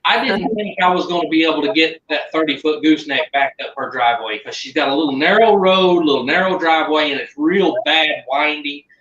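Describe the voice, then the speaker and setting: A man's voice: a little high, fairly quick, hardly any pauses, a bit bright, slight background noise. A man joining as a guest on a video call, telling a story in a laid-back, drawling, folksy way. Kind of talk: casual chat. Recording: roomy, distant, muffled call audio.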